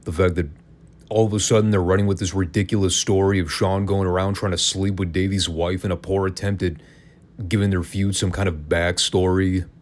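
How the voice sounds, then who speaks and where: A man's voice: deep voice, flat delivery, fairly quick. A man hosting a podcast, giving a casual, opinionated and sarcastic wrestling review. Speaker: podcast host.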